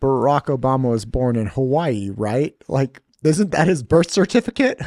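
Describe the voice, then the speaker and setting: A man's voice: medium pitch, animated, darkish tone, dry recording, clean studio sound. A man hosting a podcast, chiming in and asking probing follow-up questions. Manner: quick interjections, probing follow-ups. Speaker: podcast host. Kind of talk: casual interview chat.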